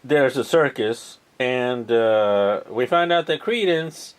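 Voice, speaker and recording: A man's voice: medium pitch, lively intonation, slow pace, clean tone. A man casually retelling a film plot, rambling with lots of ums and uhs and the odd swear word. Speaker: vlogger.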